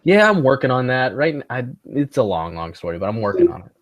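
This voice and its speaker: A man chatting casually with friends, telling lively stories and swearing often. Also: medium pitch, fast talker, no echo. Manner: animated storyteller, swears often, acts out voices. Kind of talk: casual group chat.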